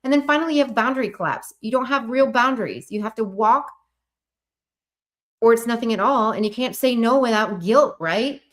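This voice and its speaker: A woman hosts a live online workshop in an earnest, coaching tone. Her voice sits a little high, and she turns questions back to the viewers as she talks. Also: a little fast. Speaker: host.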